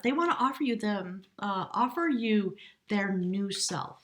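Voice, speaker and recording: Gentle, emotive woman tarot reader. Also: medium pitch, lively intonation, unhurried. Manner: gentle, emotive, talks to spirit guides. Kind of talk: spontaneous tarot reading.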